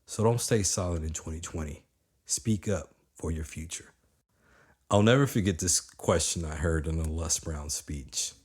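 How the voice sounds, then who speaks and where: A man in his thirties giving an energetic, conversational motivational talk, often checking in with his listeners. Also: extremely low pitch, normal speed, breathy edge. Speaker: motivational speaker.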